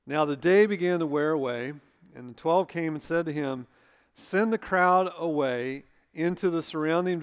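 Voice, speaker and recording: A man's voice: a little high, smooth. A man pastor preaching a sermon in a church, emphatic and conversational, asking his listeners rhetorical questions. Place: church sanctuary. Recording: long church hall reverb.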